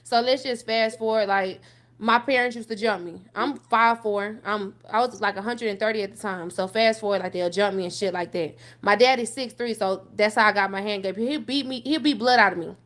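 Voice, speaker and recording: A young woman, telling her own life story on a talk show, blunt and profane, often repeating "so fast forward". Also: medium pitch, fairly bright tone. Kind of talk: candid personal storytelling on a call-in show.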